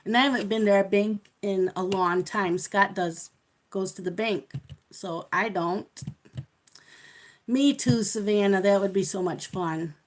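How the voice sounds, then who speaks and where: A woman's voice: medium pitch, measured pace. A middle-aged woman hosting a live coloring stream, chatting casually and telling stories with frequent laughter. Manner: chatty storyteller who laughs often. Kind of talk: casual chat while coloring.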